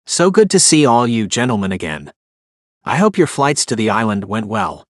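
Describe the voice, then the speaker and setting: A man voicing a genial, businesslike wealthy host in an audiobook, with a smooth delivery. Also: lowish voice, big pitch swings, moderate pace, no room sound, studio quality. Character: smug wealthy male host, genial and brisk.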